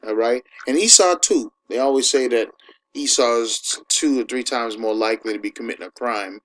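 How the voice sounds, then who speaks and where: A man preaches in a loose, conversational way at a middling pitch, pressing each point with a quick "all right?". When he reads scripture he slows right down. A faint hiss sits under his voice. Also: a bit bright, low-quality recording. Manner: emphatic, keeps asking "all right?"; slows down to read scripture aloud. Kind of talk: informal sermon with scripture reading.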